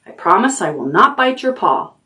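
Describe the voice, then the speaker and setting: A woman's voice: mid-range voice, very animated, normal speed, pushed and bright. A woman reading as a defiant young owl. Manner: defiant, squawking. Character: young injured great horned owl, defiant.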